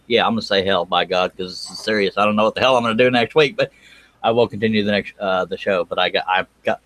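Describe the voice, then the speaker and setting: A middle-aged man with a fairly low voice hosts a casual live stream. His talk is folksy and joking, and he often pokes fun at himself. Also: a bit bright. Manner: joking, folksy, self-mocking. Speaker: show host.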